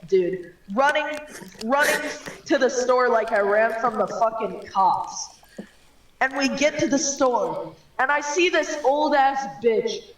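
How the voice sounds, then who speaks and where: A player improvising a crude first-person story in casual online voice chat. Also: medium pitch. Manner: crude, deadpan, stories told in first person. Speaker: comedy game player. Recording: echoey distant mic with faint hiss.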